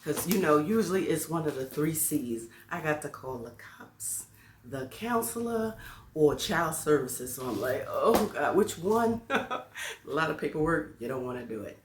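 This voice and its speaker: A woman's voice: deep voice, sing-song, moderate pace, a little hiss or hum. A woman who works as a teacher, telling a story to her viewers in a casual, playful way, laughing as she goes. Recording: echoey room.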